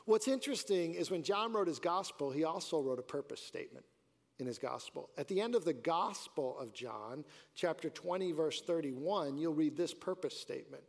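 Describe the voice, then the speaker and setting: A man's voice: fairly high pitch, lively intonation, normal speed, creaky. A man preaching a sermon as pastor, earnest, with rising and falling emphasis. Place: church sanctuary. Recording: church hall reverb.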